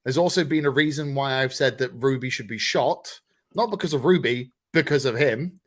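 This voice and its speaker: A man co-hosting a casual podcast, ranting and swearing with animated delivery. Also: medium pitch, moderate pace. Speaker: podcast co-host.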